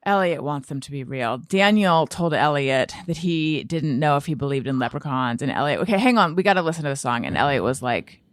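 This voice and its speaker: This studio podcast co-host speaks in a low, expressive voice, a little fast and with hardly any pauses, recorded without room sound. She keeps the casual chat playful and teasing and half-sings song snippets now and then.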